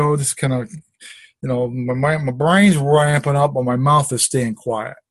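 A man's voice: mid-range voice, normal speed. A middle-aged man tells a long personal story of faith in an easygoing, rambling way, often restarting his sentences and adding asides. His voice sits in an ordinary middle range, and the sound is close and dry, with no room echo. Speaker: testimony sharer. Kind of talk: casual spoken testimony. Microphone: conference call.

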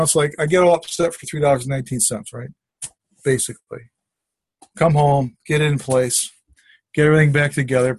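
A man's voice: mid-range voice, dry recording. Middle-aged guy rambling through a faith story on a call, lots of restarts, dry close sound. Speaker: testimony sharer. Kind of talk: casual spoken testimony. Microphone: conference call.

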